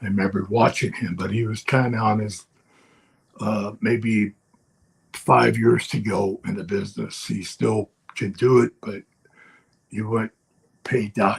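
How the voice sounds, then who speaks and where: A man's voice: fairly low pitch, fairly even intonation, moderate pace, creaky, breathy edge. An older man, a former wrestler, telling rambling anecdotes in casual podcast chat, often chuckling. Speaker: guest storyteller, former wrestler.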